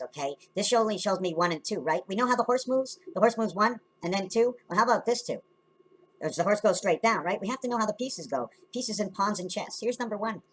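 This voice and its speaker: A woman talking loosely through her own drawings and designs, wandering from idea to idea and often checking in with "right?". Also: fairly low pitch. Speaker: video maker explaining her drawings. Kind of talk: rambling casual explanation.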